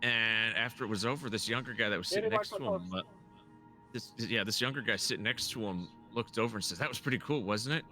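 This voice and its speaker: Bright-voiced man telling war stories. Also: lowish voice, animated, a little fast, faint music behind. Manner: rambling storyteller with restarts. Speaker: gaming streamer telling stories. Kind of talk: casual chat while gaming.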